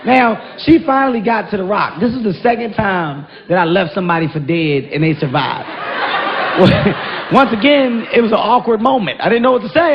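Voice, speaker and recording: High-voiced, animated male stand-up comic. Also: moderate pace, a crowd in the background. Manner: animated, loud punchy delivery with frequent laughter and shouted punchlines. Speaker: stand-up comedian. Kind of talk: stand-up comedy storytelling. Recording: dull, noisy live stage recording.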